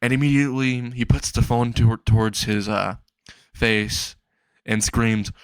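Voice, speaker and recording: A man rambles through an improvised fan-fiction story, excitable and quick to swear. His voice sits at a middle pitch. The sound is dry and close, with no room around it. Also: clear, resonant tone, no room sound.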